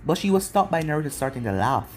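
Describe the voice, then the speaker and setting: A man's voice: fairly high pitch, very animated, quick pace, soft background music. A man narrating a fan-written story aloud in plain storytelling style.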